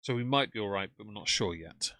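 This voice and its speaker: Sarcastic man with a bright voice. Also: lowish voice, expressive, fast, no room sound, studio quality. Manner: sarcastic, mocking asides. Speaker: commentary streamer. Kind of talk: livestream commentary.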